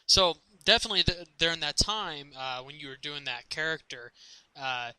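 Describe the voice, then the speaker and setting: Bright, clear podcast host asking questions. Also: male voice, a little high, lively intonation, dry recording, low-quality recording. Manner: short reactions, halting questions. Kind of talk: interview.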